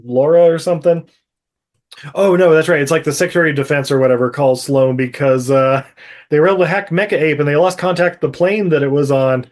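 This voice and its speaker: A man with a slightly high voice chats through a movie recap on a podcast. He laughs often and drops into mocking quotes of the characters. The delivery is loose and casual. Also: darkish tone. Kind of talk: casual chat.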